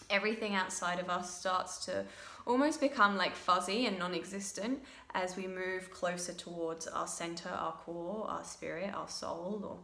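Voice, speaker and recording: Woman yoga teacher in an echoey room. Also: on the low side. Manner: chatty aside, then slow soft breath cues. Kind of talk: guided yoga class. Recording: very echoey room with faint noise.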